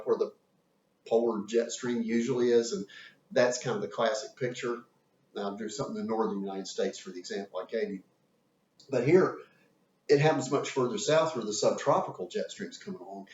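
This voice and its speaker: A man's voice: medium pitch, a little mellow. Male lecturer, casual rambling classroom delivery; distant, roomy, muffled recording. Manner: rambling, chatty, with fillers while drawing on a board. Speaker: meteorology teacher. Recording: roomy, distant, dull audio with faint hiss.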